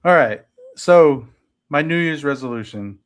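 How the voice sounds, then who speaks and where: A man co-hosting a podcast, talking casually in a halting, questioning way full of fillers. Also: on the high side, expressive. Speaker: podcast co-host. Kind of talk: casual chat.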